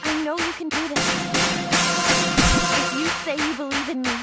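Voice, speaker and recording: A woman's voice: high-pitched, fairly even intonation, moderate pace, over loud music, lightly acted. An actress voicing an anguished teenage girl accused of murder in a video game, talking in a pleading, emotional way.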